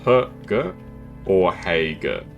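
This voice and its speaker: Deep-voiced guy streaming a game, goofy and giggly, voice bounces all over. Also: very animated, drawn-out words, vocal fry, lo-fi sound, soft background music. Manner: playful, giggly, self-deprecating. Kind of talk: casual gameplay commentary.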